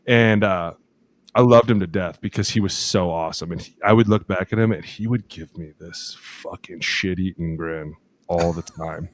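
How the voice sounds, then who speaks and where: Animated storytelling man, dry close mic. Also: deep voice, moderate pace, no room sound. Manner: lively storyteller acting out quotes, laughs often, swears. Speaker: podcast co-host, former offensive lineman. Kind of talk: casual chat, animated storytelling.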